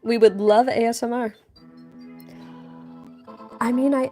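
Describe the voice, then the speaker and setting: A woman's voice: on the high side, fairly even intonation, slow, pauses often, mellow, faint music behind. A young woman chatting playfully with viewers as she draws on a live stream, answering questions and teasing her chat. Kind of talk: casual live-stream chat while drawing.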